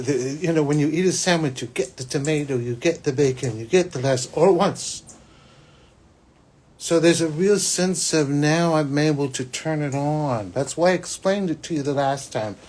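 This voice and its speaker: A man, a psychic hosting his own show, telling a personal story in a rambling, restarting way that swings between loud and hushed. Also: a little high, normal speed. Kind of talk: spiritual podcast monologue, personal storytelling.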